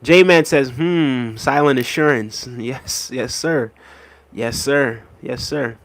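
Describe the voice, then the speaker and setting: A man hosting a casual livestream, reading out viewer comments and thanking them in a relaxed, easygoing way with soft laughs. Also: mid-range voice, slow. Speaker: livestream host. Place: New York City.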